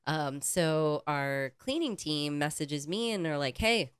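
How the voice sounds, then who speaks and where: A woman with a low voice speaks close to the mic in a dry, deadened space. Her tone is smooth and clear. She tells a story in casual, animated chat, swearing freely. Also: slow pace, no echo. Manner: animated, profane, acts out quoted people. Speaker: podcast co-host.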